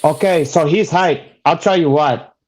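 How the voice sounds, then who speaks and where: A man's voice: on the high side, a little slow, darkish tone. A man co-hosting a casual podcast chat, rambling and cursing in loose, broken grammar. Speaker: co-host. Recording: dull lo-fi audio.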